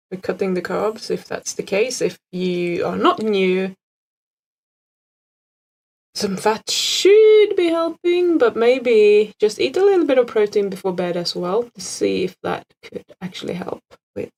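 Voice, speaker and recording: A woman's voice: medium pitch, a little mellow, rough recording. A woman co-hosting a live Q&A, reading questions and chatting casually with a cheeky edge. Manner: casual, cheeky, swears lightly. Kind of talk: live Q&A chat.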